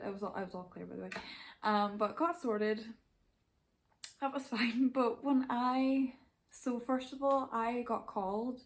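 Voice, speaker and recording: A young Irish woman telling a story fast and casually, laughing often and swearing freely. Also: medium pitch, a little hiss or hum. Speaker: vlogger.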